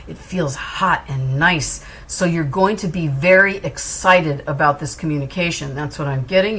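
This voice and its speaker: A woman's voice: on the low side, a bit bright, slight background noise. A woman giving a tarot reading to camera in an earnest, reassuring way, repeating phrases for emphasis. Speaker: tarot reader.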